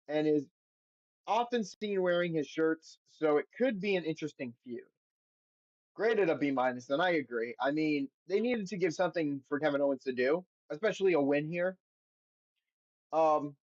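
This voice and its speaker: A man's voice: on the high side, darkish tone, no echo, lo-fi sound. A man hosting a podcast on his own, reading results aloud and then giving blunt, profane opinions in a casual recap. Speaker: podcast host.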